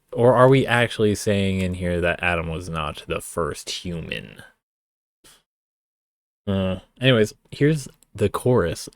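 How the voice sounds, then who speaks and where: A man's voice: deep voice, no room sound, clean studio sound. A young man giving casual stream commentary, sarcastic and profane, wandering off into rambling asides. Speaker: streamer reacting to a song.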